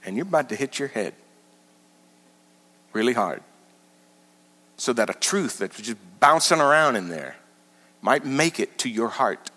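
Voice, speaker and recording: A man preaching a sermon as pastor, teaching with animated, emphatic repetition. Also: mid-range voice, a little slow, pauses often. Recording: large hall with long reverb.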